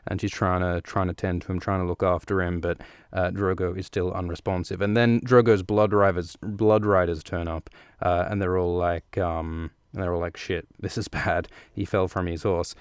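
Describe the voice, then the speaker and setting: Podcast host, very low smooth voice, jokey casual recap. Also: male voice, little pitch movement, moderate pace, no room sound, clean studio sound. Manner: joking, profane, rambling with fillers.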